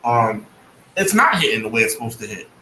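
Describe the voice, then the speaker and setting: A man's voice: mid-range voice, very animated, fairly quick, sharp tone. A man co-hosting a casual wrestling podcast, talking emphatically and with sarcastic asides. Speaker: podcast co-host. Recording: echoey room with faint noise.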